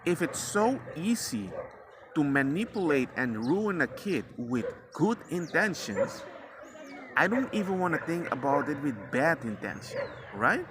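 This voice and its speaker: A man's voice: fairly high pitch, big pitch swings, unhurried, background noise. A father sharing his parenting experiences in a rambling, slangy, casual way, often acting out quotes of himself and his son. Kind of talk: casual storytelling monologue. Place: outdoors, near a passing dog walker.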